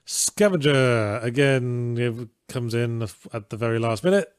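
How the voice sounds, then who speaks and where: A man co-hosting a stream who chats casually and drops dry, wry asides. His voice sits at an ordinary pitch, and the sound is dry and close. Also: a little slow, clear, resonant tone, dry recording. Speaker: stream co-host. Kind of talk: casual chat.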